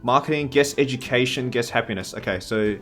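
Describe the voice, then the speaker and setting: A man's voice: medium pitch, fairly quick, soft background music. A man giving casual gameplay commentary, thinking aloud with wry asides. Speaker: gaming channel host.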